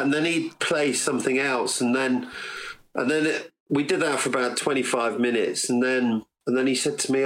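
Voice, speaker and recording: A man's voice: medium pitch, normal speed, fairly bright tone, low-quality recording. A man, a podcast guest, telling long casual stories with many restarts and acting out what others said to him. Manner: rambling anecdotes, acts out quoted dialogue. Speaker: podcast guest, recording engineer. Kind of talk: casual storytelling interview.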